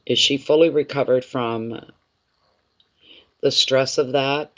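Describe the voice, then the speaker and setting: A man's voice: medium pitch, steady tone, takes it slowly, a bit bright, muffled recording. Man doing a live tarot reading. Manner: repeats phrases, speaks directly to viewers by name. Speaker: tarot reader.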